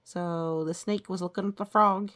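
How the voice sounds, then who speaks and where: A woman reading old children's rhymes aloud, stopping to gently explain the lessons and pictures. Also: on the low side, steady tone, normal speed.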